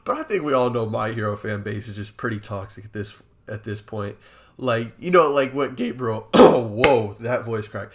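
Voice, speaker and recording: A man's voice: lowish voice, normal speed. Rambling young man chatting casually. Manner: animated, rambling with many fillers. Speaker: podcast co-host. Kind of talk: casual chat.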